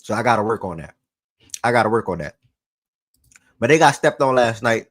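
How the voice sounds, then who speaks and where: A man's voice: mid-range voice, animated, fairly quick, a bit bright, no room sound. A man hosting a sports talk show in a loose, slangy way, repeating phrases for emphasis and getting worked up.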